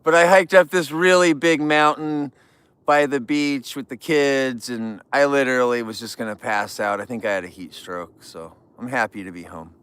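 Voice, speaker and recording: A man's voice: mid-range voice, fairly even intonation, moderate pace, a bit bright, smooth. A man from California hosting a casual livestream, chatting and joking with viewers while trimming flowers. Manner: chatty, jokey, greets viewers. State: tired. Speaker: livestream host.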